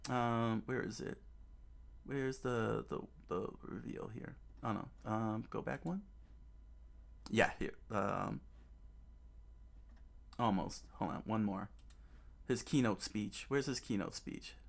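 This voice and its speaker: A man with a lowish, gravelly voice speaks slowly, with long pauses. Hosting a gaming channel, he comments casually while browsing clips, speaking emphatically, repeating himself and restarting sentences with many fillers.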